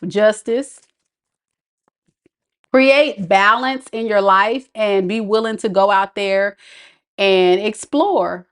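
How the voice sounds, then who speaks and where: A woman giving a casual tarot reading to her viewers. She talks to them directly in a chatty, playful way and often laughs at her own jokes. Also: mid-range voice. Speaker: tarot reader.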